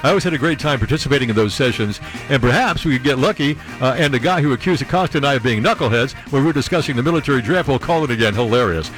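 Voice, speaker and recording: A man's voice: mid-range voice, animated, racing, a bit bright, faint music behind. A man hosting a talk radio show, sarcastic and rambling, laughing at his own jokes from a studio.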